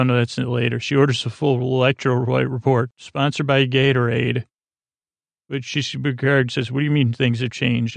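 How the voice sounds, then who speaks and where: A man hosting a podcast, loosely retelling a TV episode in a rambling, halting way with many fillers and jokey paraphrases. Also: mid-range voice, vocal fry, no echo. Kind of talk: soft-spoken bedtime recap.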